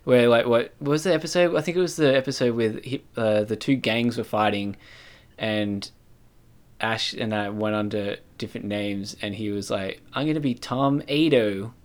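A man co-hosting a podcast, talking in a relaxed, rambling way with plenty of fillers. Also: fairly low pitch, moderate pace. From Australia. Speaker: podcast co-host. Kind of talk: casual chat.

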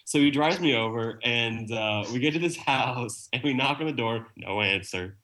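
A man's voice: medium pitch, normal speed. A man hosting a podcast in casual chat, telling stories with lots of laughter. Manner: animated storytelling, laughs often. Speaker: podcast host.

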